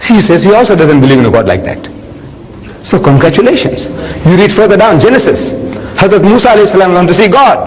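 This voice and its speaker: An older man giving a lecture to an audience, an animated storyteller who acts out scenes and fires rhetorical questions at his listeners. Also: high-pitched, fast talker, long reverb tail, slight background noise, poor audio. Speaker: public speaker on religion.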